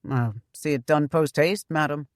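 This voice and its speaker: Woman voicing a calm low-voiced young hero. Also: moderate pace, dry recording, clean studio sound, natural voice. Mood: teasing. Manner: quiet and level.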